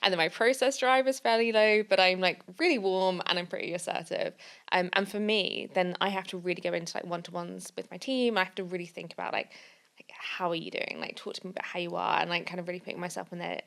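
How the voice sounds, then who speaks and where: A woman's voice: fairly low pitch, steady tone, fast talker, creaky, fairly bright tone. A woman co-hosting a podcast, talking candidly and chattily with many filler words. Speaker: podcast co-host and fundraiser. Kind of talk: casual podcast conversation.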